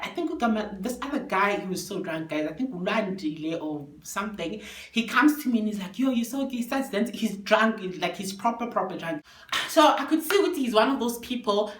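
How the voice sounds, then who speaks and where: A young South African woman telling a story to camera in a casual, animated way, switching languages and swearing freely. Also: medium pitch, roomy sound. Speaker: storytime vlogger.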